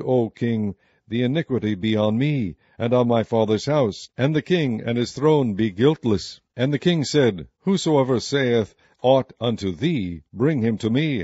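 A man reads old scripture aloud at a steady, measured pace. His voice is dark and mellow. The recording is dry and a little muffled. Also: medium pitch, no room sound. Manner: steady, measured King James reading. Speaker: audiobook narrator.

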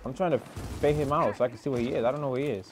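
A young man giving rambling, excitable live commentary over a match, swearing often and filling gaps with "like" and "oh my god.". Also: medium pitch, racing, noisy background. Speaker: gaming streamer.

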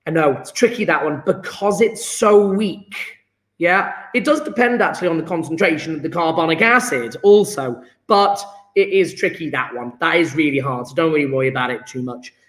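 A man's voice: on the high side, moderate pace, fairly bright tone, reverberant. A man teaching a chemistry lesson online, encouraging and upbeat, cracking jokes with his students.

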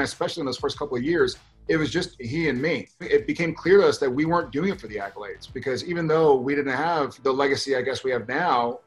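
A man in his thirties, an actor, speaking earnestly and heartfelt about his series in an interview. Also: medium pitch. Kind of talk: reflective interview.

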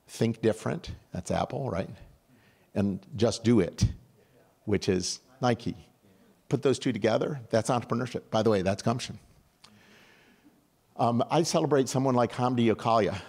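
An older man from upstate New York giving an animated, conversational conference talk, often restarting his sentences. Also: lowish voice, creaky. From upstate New York, USA. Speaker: conference speaker.

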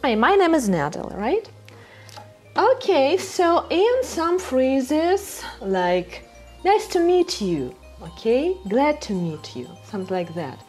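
Woman teaching with lively pitch. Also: soft background music. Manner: patient, repeats words slowly, asks "right?" often. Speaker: language teacher. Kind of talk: teaching a beginner online class.

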